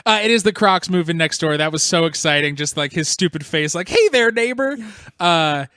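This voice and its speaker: High-pitched guy on a podcast, playful, does little silly voices, dry mic. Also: fairly even intonation, fairly quick, sharp tone, clean tone, dry recording. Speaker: podcast co-host. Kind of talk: casual chat.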